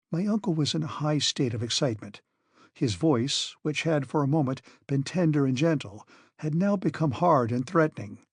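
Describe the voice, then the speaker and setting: A man narrating a classic adventure novel as an audiobook in a steady, measured way. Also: on the high side, slightly rough, no echo, clean studio sound. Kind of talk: scripted narration.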